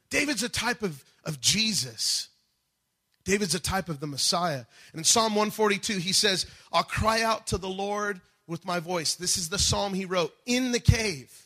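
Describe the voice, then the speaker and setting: Man, pastor, dynamic sermon, high-pitched, bright, soft to shouting.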